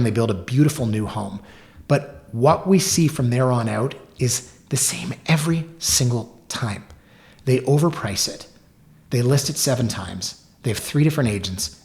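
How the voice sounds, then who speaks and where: A middle-aged man hosting his own real-estate podcast, telling stories in an animated, wry way with joking asides. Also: medium pitch. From Canada. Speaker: realtor and podcast host. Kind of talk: solo podcast talk with storytelling.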